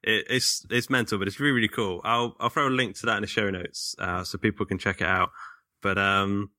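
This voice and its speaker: Bright, dry-voiced podcast host. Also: male voice, lowish voice, fairly even intonation, brisk, no room sound. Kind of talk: casual podcast chat.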